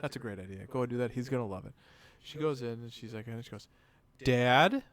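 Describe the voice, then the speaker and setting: A man's voice: medium pitch, brisk, fairly bright tone. A man in his thirties, a podcast co-host, telling a rambling, profane family story with acted-out dialogue in casual chat. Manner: rambling anecdotes with acted-out dialogue, swears freely.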